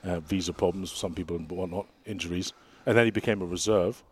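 A man's voice: low-pitched, fairly even intonation, fast talker, darkish tone, husky. A man hosting a podcast in casual chat, laughing a lot and acting out quotes. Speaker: podcast host.

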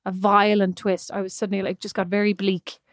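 A woman's voice: medium pitch, level tone, fairly quick, no echo, clean studio sound. A woman in her forties co-hosting a casual podcast, telling stories in a chatty, self-mocking way. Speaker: podcast co-host. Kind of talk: casual chat.

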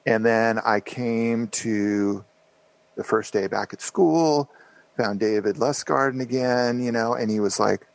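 A man's voice: mid-range voice, a little slow, creaky, no room sound, rough recording. A man in his fifties, a podcast guest, telling a rambling story with lots of fillers and restarts. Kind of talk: casual storytelling interview.

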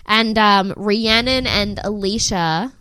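A woman's voice: mid-range voice, slow pace, pushed and bright, clear, resonant tone, no room sound. A young woman co-hosting a podcast, chatting casually and sarcastically, acting out quotes from a reality show. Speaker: podcast co-host.

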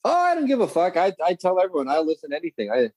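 A man's voice: sits high, wildly swooping pitch, rapid-fire, a little mellow, no echo, poor audio. A man in his thirties telling rambling, profane stories in a casual chat, often correcting himself. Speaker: guest.

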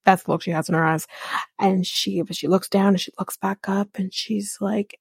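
A woman's voice: fairly low pitch, brisk, gravelly, breathy edge, dry recording, clean studio sound. A woman hosting a podcast, recapping a reality show in casual gossipy chat, laughing and mimicking the people she talks about.

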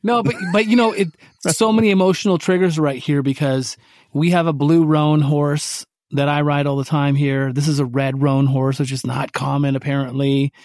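A man co-hosting a podcast, telling a story in casual chat and acting out his own quotes with lively energy. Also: on the high side, normal speed, dry recording, studio quality. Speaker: podcast co-host.

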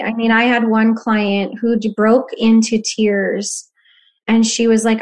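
A woman's voice: on the high side, little pitch movement, unhurried, a little mellow. A woman, a mother of four, talking earnestly as a guest on a podcast, explaining her practice and reflecting back to the host. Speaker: human design guide, podcast guest. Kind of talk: podcast conversation.

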